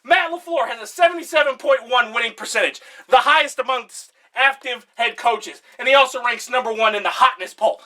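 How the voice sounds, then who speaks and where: A young man giving a mock-serious comedic presentation, passionate and out of breath, bursting into shouts. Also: very high-pitched, fairly quick, few pauses.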